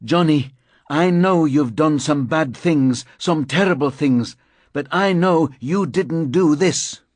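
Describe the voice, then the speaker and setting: A man's voice: fairly high pitch, slow, dry recording, voice pushed up. A man voicing a young male crime reporter who presses hard with insistent questions, in an audiobook reading. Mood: pleading.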